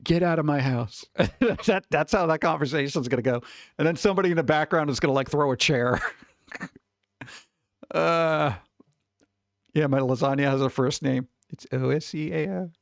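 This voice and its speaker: A man's voice: a little high, normal speed, vocal fry, pauses often, no echo. A man hosting a stream, chatting casually in a rambling way, with some swearing and chuckles. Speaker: streamer host. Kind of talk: casual chat.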